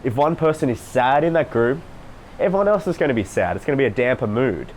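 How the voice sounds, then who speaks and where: A man's voice: medium pitch, lively intonation, fast talker, darkish tone, slight background noise. A man coaching his viewers in a casual, emphatic monologue, repeating phrases for stress. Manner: emphatic, repetitive, mimics voices to demonstrate. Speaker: social life coach. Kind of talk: solo talk to camera, coaching monologue.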